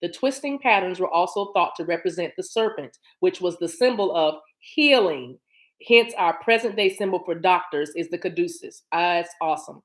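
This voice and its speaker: A woman's voice: on the low side, expressive, normal speed. Chatty woman doing a card reading. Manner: reads card text aloud, then riffs and repeats phrases to viewers; chatty and familiar, addresses viewers as y'all. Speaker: spiritual card reader. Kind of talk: live-streamed oracle card reading.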